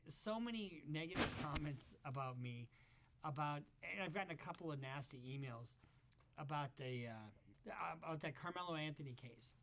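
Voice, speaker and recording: A man hosting a reaction channel speaks in a slightly raised pitch, bluntly and with plenty of swearing. He sounds conversational and unscripted, as if thinking aloud. Faint noise sits underneath. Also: expressive, moderate pace. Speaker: commentary host. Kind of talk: casual reaction commentary.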